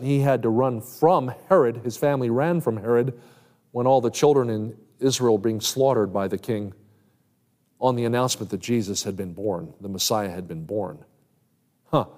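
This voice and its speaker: A man's voice: mid-range voice, a little mellow. A man preaching a sermon as an evangelist, earnestly quoting Scripture at length and pressing his points with rising emphasis. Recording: long hall reverb.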